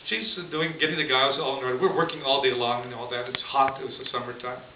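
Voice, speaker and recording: Priest giving a chatty, chuckling homily story, heard from a distance on a dull, hissy recording. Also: male voice, medium pitch, fairly even intonation, fast. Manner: conversational, chuckles often. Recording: distant echoey lo-fi room recording with hiss.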